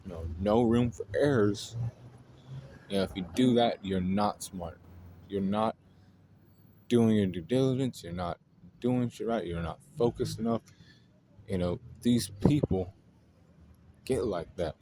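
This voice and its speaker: A man's voice: fairly low pitch, measured pace, pauses often, dark tone. A man hosting an astrology video, venting in a blunt, profane, exasperated way. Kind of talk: casual ranting monologue. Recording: noisy home recording.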